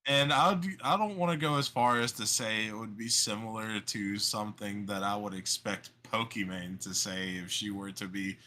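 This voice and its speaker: A man's voice: fairly low pitch, fairly even intonation, normal speed, few pauses, bright, forceful tone, a little hiss or hum. A man co-hosting a casual stream chat, blunt and swearing freely. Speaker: co-host.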